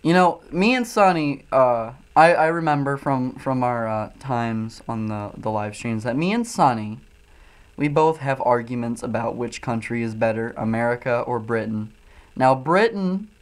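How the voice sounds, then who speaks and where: A man's voice: medium pitch, moderate pace, clean tone. A young man hosting his own livestream, reading chat messages aloud and replying in a crude, profane, mock-ranting way.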